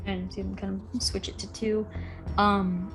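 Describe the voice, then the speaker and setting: A woman narrating as game master, explaining rules and scenes in a relaxed way, with frequent fillers. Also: mid-range voice, unhurried, vocal fry, over music.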